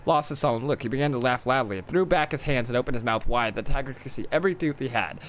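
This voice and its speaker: A man's voice: medium pitch, fast talker, a little hiss or hum. A man reading a storybook aloud on a live game stream, swearing and joking between stumbling lines. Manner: profane, joking asides, stumbles and restarts. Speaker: gaming streamer.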